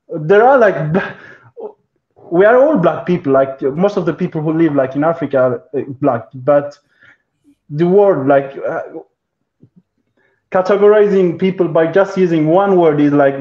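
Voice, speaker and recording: A man's voice: fairly high pitch, dull audio. Hesitant Eritrean man, roomy and off-mic. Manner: hesitant, halting. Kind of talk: casual discussion.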